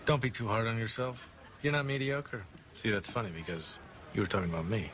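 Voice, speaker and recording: An actor playing a cocky, unflappable corporate lawyer in a TV drama, confident and cutting. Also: male voice, fairly low pitch, lively intonation, brisk, fairly bright tone, a little hiss or hum. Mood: teasing. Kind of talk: TV drama dialogue.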